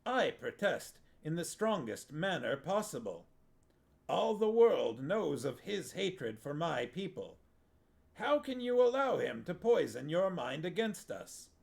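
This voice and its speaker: Blustering foreign envoy, indignant, pitched up, slow and gravelly, read by a man. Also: expressive. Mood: protesting.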